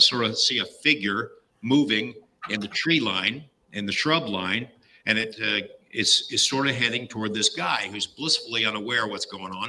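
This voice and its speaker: A man's voice: lowish voice, sharp tone, rough recording. A middle-aged man casually retelling a story, with many fillers and quoted lines acted out. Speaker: guest storyteller.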